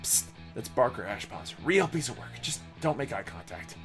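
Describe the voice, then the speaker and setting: A man's voice: mid-range voice, very animated, normal speed, a bit bright, faint music behind. Brief: a man playing an anxious game sidekick dog-man, hesitant, stammering. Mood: nervous. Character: nervous young dog-man companion.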